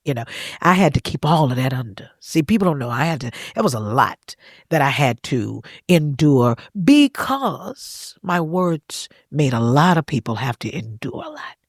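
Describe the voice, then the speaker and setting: A woman, a gospel singer and pastor, talking as a podcast guest in an earnest, confiding way with soft chuckles, in a studio. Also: low-pitched, very animated, moderate pace, slightly rough, dry recording. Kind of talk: candid emotional storytelling.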